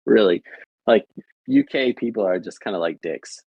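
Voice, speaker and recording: Young American male streamer, casual and rambling, husky and low. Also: animated, unhurried, dry recording, lo-fi sound. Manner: rambling, repeats filler phrases. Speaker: livestreamer chatting with viewers. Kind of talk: casual chat.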